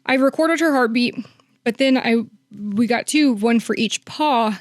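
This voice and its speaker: A woman's voice: fairly high pitch, measured pace, no echo, clean studio sound. A woman working as a hospice nurse, telling a long story in a podcast interview, with many fillers and quoted lines acted out.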